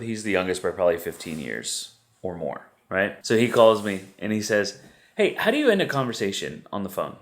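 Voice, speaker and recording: A middle-aged father vlogging casually, coaching his kids and telling family stories in a relaxed way. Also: on the low side. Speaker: vlog host and father. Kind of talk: casual family vlog talk.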